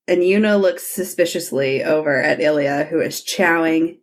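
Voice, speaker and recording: A woman podcast host casually recaps a TV episode, acting out the characters' lines as she retells scenes. Her voice sits low and she talks at a normal speed.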